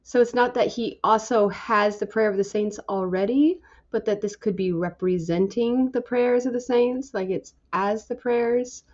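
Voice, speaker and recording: A woman leading a Bible study, slowly working through scripture word by word in a halting, musing, tentative way. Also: mid-range voice, a little mellow, dull audio.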